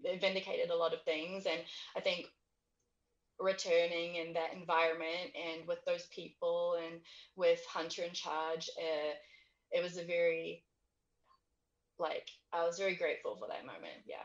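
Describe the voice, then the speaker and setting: A woman's voice: lowish voice, steady tone, normal speed. A woman with an accent talks casually as an interview guest, laughing often and trailing off between thoughts. Her voice comes through a video call on headphones, with a dull, slightly muffled sound. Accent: non-native English accent. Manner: giggly, trailing off with fillers.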